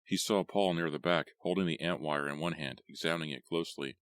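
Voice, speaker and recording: A man reading a horror audiobook in a measured, steady way. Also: very deep voice, no echo, studio quality. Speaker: audiobook narrator. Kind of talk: scripted horror audiobook narration.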